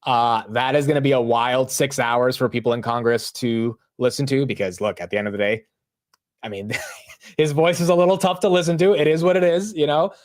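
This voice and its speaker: Speaking briskly in a steady, medium-pitched voice, an American man runs a livestream of market commentary. He keeps it chatty and full of slang, laughing frequently and addressing viewers as bro and dude.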